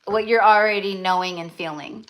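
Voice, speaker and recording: A woman's voice: mid-range voice, fairly even intonation, normal speed, a bit bright. A young woman giving a live-stream tarot reading, talking in a gushing, effusive way with many fillers and restarts. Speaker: tarot reader.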